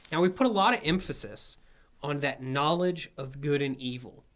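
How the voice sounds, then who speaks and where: A man's voice: fairly high pitch, moderate pace, a bit bright. Man teaching a Bible study. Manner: explanatory, asks checking questions.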